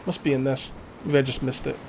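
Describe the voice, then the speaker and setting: A man's voice: medium pitch, little pitch movement, quick pace, gravelly, a little hiss or hum. A man casually commenting while playing a survival game, thinking aloud and making jokey asides. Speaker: let's play gamer.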